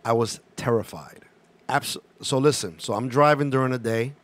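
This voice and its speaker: A man's voice: medium pitch, moderate pace. A man co-hosting a casual chat show, telling a story and acting out the voices of the people in it. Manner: animated, acts out quoted voices. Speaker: podcast co-host.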